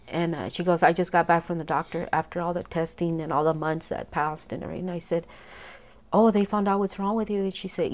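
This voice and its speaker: A mother being interviewed, retelling her daughter's illness in prison through quoted dialogue, halting with fillers. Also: fairly low pitch. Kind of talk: emotional personal testimony.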